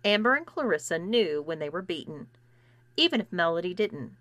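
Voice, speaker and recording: A woman narrating a first-person story in an expressive, animated reading. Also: lowish voice, normal speed, no echo.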